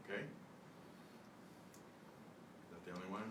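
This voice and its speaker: Man teaching slow, exaggerated pronunciation drills. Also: low voice. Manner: repeats words slowly with exaggerated pronunciation. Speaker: Spanish teacher. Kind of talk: online beginner language lesson. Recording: echoey room, distant mic, faint hiss.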